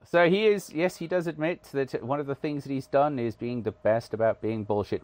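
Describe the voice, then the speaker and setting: A man's voice: medium pitch, normal speed, hardly any pauses, darkish tone, no room sound. A British man from the UK giving casual, wry commentary over a video game, self-deprecating and full of "uh" fillers. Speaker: gaming channel host.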